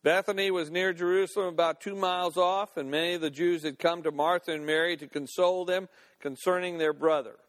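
An older man gives a sermon in a fairly high voice. He moves between reading scripture and chatty, down-to-earth comment. He acts scenes out in different voices as he goes. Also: steady tone, fairly quick, fairly bright tone. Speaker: pastor.

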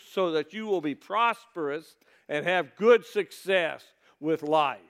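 A man's voice: fairly high pitch, slow, fairly bright tone. A man preaching a sermon in a conversational way, reading scripture aloud and asking his listeners rhetorical questions. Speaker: pastor.

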